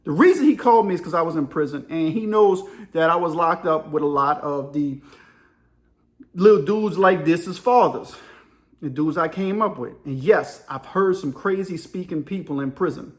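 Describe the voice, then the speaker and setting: A man's voice: a little high, moderate pace. A middle-aged man telling a story in a casual monologue, acting out voices and sound effects and laughing often. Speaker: storyteller and channel host.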